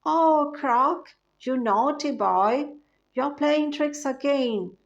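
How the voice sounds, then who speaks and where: A woman's voice: sits high, animated, takes it slowly, dull audio, voice pushed up. A woman voicing a confident lady, the crocodile's owner, with a firm and fondly scolding manner. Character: breezy confident lady who owns the crocodile.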